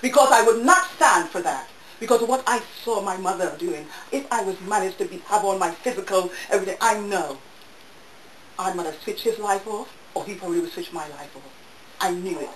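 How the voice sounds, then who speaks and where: A woman's voice: mid-range voice, fairly quick. A woman speaking to an audience at a public talk, telling her own story with intensity and repeating her phrases. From United States. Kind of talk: personal testimony to an audience. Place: bookshop event room. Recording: roomy, distant, faint hiss.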